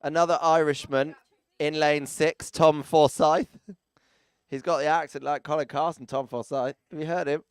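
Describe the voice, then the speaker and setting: A man's voice: a little high, steady tone, normal speed, clear, resonant tone, dry recording. A man commenting live as arena announcer, chatty and teasing, with jokey asides to people around him, speaking into a close microphone.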